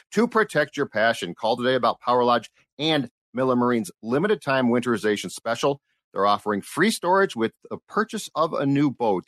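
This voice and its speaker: A man's voice: medium pitch, fairly bright tone, no echo. A male radio host talks into a close studio mic that gives a dry sound. He trades dry jokes with his guest, then moves straight into a casual live-read ad. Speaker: radio talk show host.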